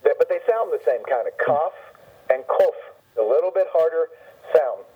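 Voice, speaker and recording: Husky man teaching letters over a dull phone line. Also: a little high, expressive. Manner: deliberate, repeats and spells out each letter. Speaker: phone-in guest teaching the Hebrew alphabet. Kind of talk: patient spoken lesson on a radio call. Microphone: telephone.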